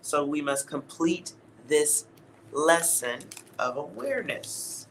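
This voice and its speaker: A man's voice: a little high, lively intonation, slow, creaky, fairly bright tone, slight background noise, rough recording. A man giving a casual, blunt tarot reading to his viewers, laughing at himself and swearing now and then. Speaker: tarot reader.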